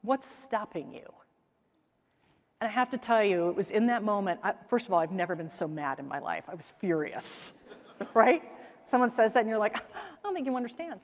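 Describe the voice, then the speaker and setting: A woman's voice: medium pitch, brisk. A middle-aged woman from the Midwest delivers a conference keynote, telling stories with energy and playing the people in them. Her voice sits in a middle range for a woman. The sound carries the long reverb of a big hall. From American Midwest. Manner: lively storytelling, acts out quoted voices. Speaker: keynote speaker. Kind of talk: keynote talk on stage.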